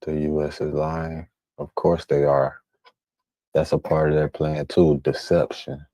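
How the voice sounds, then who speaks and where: Very deep-voiced man, blunt street talk. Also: flat delivery, a little slow, mellow, dry recording. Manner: blunt, swearing, street slang. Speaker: reaction streamer. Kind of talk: casual profane commentary.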